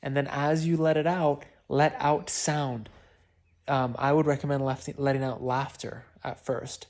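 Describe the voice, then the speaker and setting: A man's voice: mid-range voice, flat delivery, unhurried, a little mellow. A man talking a private client through breathwork, in an informal, encouraging way. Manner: encouraging, informal, with frequent sighs and demonstrated laughs. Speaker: breathwork coach. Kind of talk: spoken breathwork instructions.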